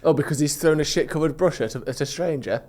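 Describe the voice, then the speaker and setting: A man's voice: a little high, fast, a little mellow. A British man co-hosting a comedy podcast, teasing his friend with wry interjections in casual banter. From Britain. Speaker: podcast co-host.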